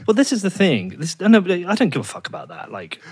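A man's voice: huge pitch swings, a little fast, husky. A man hosting a podcast, ranting in a heated, swearing casual chat, his voice jumping up when he gets worked up. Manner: fired up, swears a lot, voice jumps high when ranting. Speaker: podcast host.

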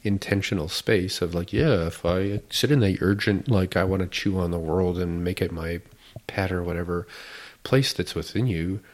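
Very deep-voiced playful man. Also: moderate pace. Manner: laughs often, playful. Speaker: podcast host teaching a practice. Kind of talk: casual explanatory chat.

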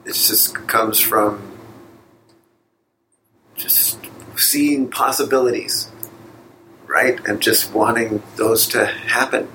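A man, a yoga teacher and guest, who answers slowly and haltingly, searching for his words. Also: lowish voice, fairly even intonation, pushed and bright, slight background noise, low-quality recording. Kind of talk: casual conversation.

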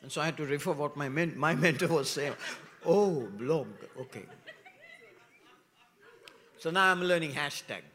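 A middle-aged man preaching a sermon as pastor, with animated rhetorical questions, dropping to hushed asides and rising loud again. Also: fairly high pitch, quick pace, hardly any pauses. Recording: long reverb of a large hall.

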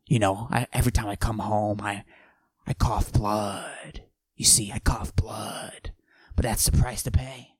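A man doing a cocky macho guy with a forced deep whisper. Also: a little slow, dry recording. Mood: swaggering. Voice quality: forced low gravelly voice, often whispered. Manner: boastful, deadpan absurd bragging. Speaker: podcast host. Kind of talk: comic character monologue.

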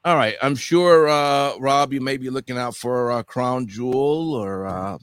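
A man hosting a casual podcast chat, relaxed, moving it on to the next segment. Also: medium pitch, measured pace, smooth, no room sound, studio quality.

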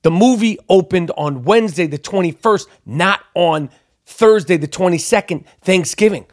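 A man's voice: high-pitched, moderate pace. A man hosting his podcast, telling a story as a casual rant, swearing a lot and repeating himself for emphasis. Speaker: podcast host.

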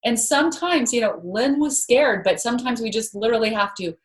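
A woman's voice: fairly high pitch, expressive, brisk. Earnest woman telling a story. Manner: earnest, storytelling, repeats words when starting a thought. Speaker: guest author. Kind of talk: interview conversation.

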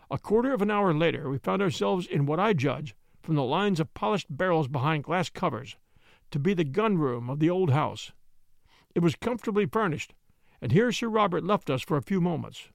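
Man narrating a story, expressive, dramatic, high lively voice, gravelly, dry close sound. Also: moderate pace, dry recording. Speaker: audiobook narrator. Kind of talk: scripted narration of a classic detective story.

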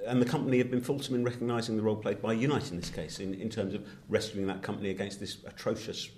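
A man's voice: lowish voice, fairly even intonation, quick pace, darkish tone. A man co-hosting a podcast in casual, jokey chat, often restarting his sentences. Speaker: podcast co-host.

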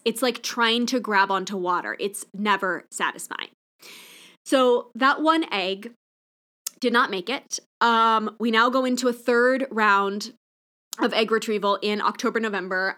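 A woman's voice: on the high side, fairly bright tone. Candid emotional woman podcast host. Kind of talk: personal monologue.

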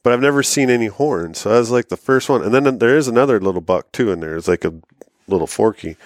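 A man's voice: medium pitch, animated, fast talker, no room sound, clean studio sound. A man co-hosting a podcast, talking in a hesitant, rambling casual way. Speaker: podcast co-host. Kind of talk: casual chat.

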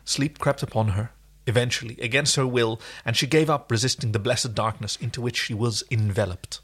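A man's voice: mid-range voice, fairly even intonation, a little fast, a bit bright, slightly rough. A man co-hosting a casual chat, reading fiction aloud with wry, teasing asides. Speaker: podcast co-host reading fan fiction.

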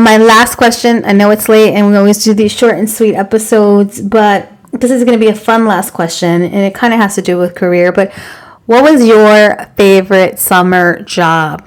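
A woman's voice: mid-range voice, poor audio. A woman hosting a podcast in casual chat, upbeat as she gives advice and puts questions to her co-hosts. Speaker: podcast host.

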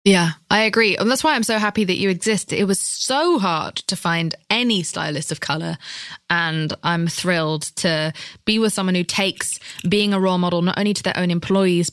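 A woman's voice: lowish voice, normal speed, a bit bright, no echo, studio quality. A woman interviewing a guest, articulate and supportive as she asks her questions.

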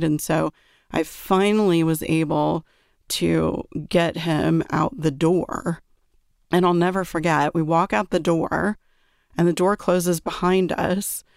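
A woman's voice: sits low, vocal fry, a little mellow, dry recording, clean studio sound. A woman, a parent, earnestly telling a personal story and often checking in with "right?". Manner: earnest, reflective, frequent "right?" check-ins.

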